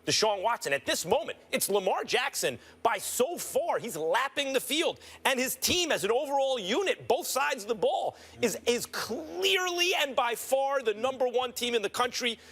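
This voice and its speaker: Husky, lively man arguing stats. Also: extremely high pitch. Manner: fast, insistent, stat-heavy argument. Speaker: sports debate co-host. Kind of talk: heated studio debate.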